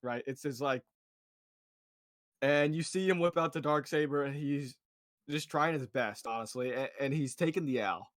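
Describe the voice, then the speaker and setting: A man's voice: medium pitch, moderate pace, no room sound, studio quality. A young man co-hosting a casual review podcast, laid-back and slangy, recapping scenes. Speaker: co-host.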